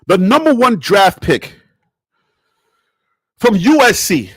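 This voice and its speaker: High, lively man ranting theatrically. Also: takes it slowly, long pauses, slightly rough, dry recording, studio quality. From Liberia. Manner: animated, theatrical, acts out plays with sound effects. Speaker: sports commentator vlogger. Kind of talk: ranting sports commentary.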